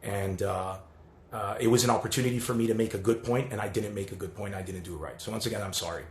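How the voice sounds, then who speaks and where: A man's voice: on the low side, fast. A male comedian speaking casually and earnestly to his followers in a rambling, apologetic self-recorded video. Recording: roomy echo.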